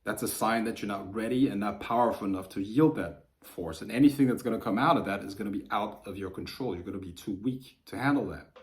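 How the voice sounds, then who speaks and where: A man teaching the occult, talking unscripted to camera in a profane, heated rant that builds to forceful outbursts. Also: on the low side, fast talker.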